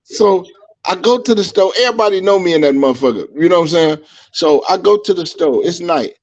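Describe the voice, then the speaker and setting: Animated high-voiced man telling stories. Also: fairly quick. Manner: animated, profane, acts out quotes. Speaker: podcast host. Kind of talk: casual chat, storytelling. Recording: dull lo-fi stream audio.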